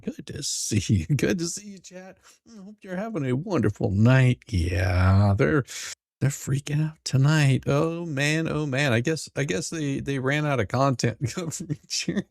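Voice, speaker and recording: A man's voice: a little high, lively intonation, measured pace, gravelly, a little mellow, no echo, studio quality. A middle-aged man hosting a live stream, casually greeting chatters by name and chuckling often. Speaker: livestream host.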